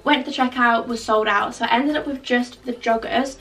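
A young woman chatting excitedly through a clothing try-on haul, gushing and full of fillers. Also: on the high side, brisk. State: out of breath. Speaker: fashion vlogger. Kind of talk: casual try-on haul chat. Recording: distant mic with faint background music.

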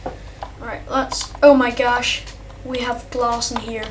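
A young male gamer doing rambling, excitable let's-play commentary, chatting to his viewers and his in-game pet. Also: mid-range voice, slow, a little hiss or hum. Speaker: gameplay commentator. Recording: distant mic with faint keyboard typing.

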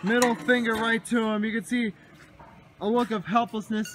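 A man calls wrestling play-by-play, swinging from hushed, dismayed muttering to shouted excitement over big moves. His voice is extremely high-pitched, his speed is normal, and there's background noise.

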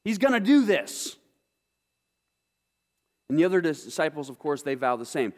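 A man's voice: fairly high pitch, very animated, normal speed, darkish tone. A male pastor delivering a sermon, reading scripture and asking his congregation emphatic rhetorical questions. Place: church sanctuary.

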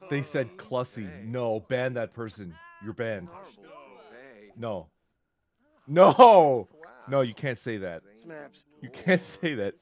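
A man co-streaming a game in casual chat, excitable, playful and laughing often. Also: on the low side, slow pace, long pauses. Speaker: co-streamer guest.

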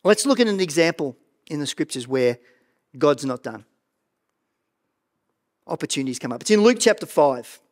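Earnest high-voiced male pastor preaching. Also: moderate pace, pauses often. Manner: earnest, animated preaching with stumbles and repeats. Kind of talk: sermon. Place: church.

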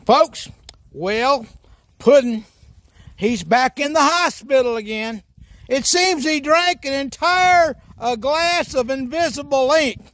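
A man's voice: very high voice, expressive, takes it slowly, a bit bright, dry recording. A man putting on a goofy rural hillbilly character for a comedy monologue, folksy and whooping. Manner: folksy drawl with hoots and cackles. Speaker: comedy sketch character host.

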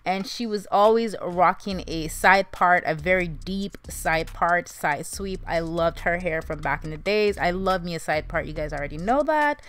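A young woman with a slightly low voice talks her viewers through a hair tutorial. She keeps it casual and chatty, calling them "you guys" and "honey" as she goes. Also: moderate pace, hardly any pauses, fairly bright tone. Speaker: beauty vlogger.

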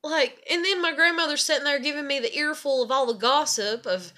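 A woman's voice: sits high, brisk, hardly any pauses, sharp tone. A young woman venting about her family in a rambling, bitter personal rant full of swearing. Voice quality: swears heavily, rambling and repetitive. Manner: frustrated, bitter. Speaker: vlogger.

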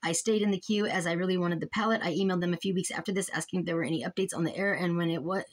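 This vlogger has a fairly low, steady voice and a rapid-fire delivery. Filming casually at home, the young woman reads emails and complaints aloud with mounting exasperation, breaking off mid-thought and restarting.

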